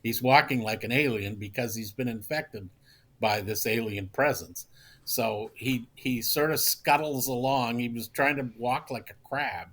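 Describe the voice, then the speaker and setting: A man with a mid-range voice guests on a casual podcast and tells anecdotes at length. He explains things in a relaxed, storytelling manner. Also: mid-range voice, unhurried.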